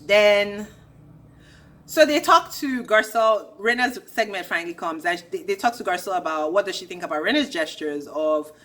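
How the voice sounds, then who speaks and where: A woman's voice: mid-range voice, animated, normal speed, a bit bright. A young woman ranting through a casual recap of a reality show, sassy and blunt with a gossipy edge.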